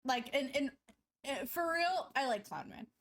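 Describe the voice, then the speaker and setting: A high-pitched woman chats with her live stream audience while she draws. She rambles playfully, breaking into giggles mid-sentence and teasing herself. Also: lively intonation, a little slow. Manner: playful self-mocking banter. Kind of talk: casual chat to stream viewers while drawing.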